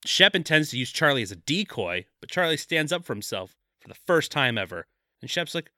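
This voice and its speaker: A man co-hosting a casual movie podcast, running through the plot at a brisk clip with jokey asides. His voice is bright and lively, recorded dry and close. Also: on the high side, dry recording. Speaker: podcast co-host. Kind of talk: casual movie recap chat.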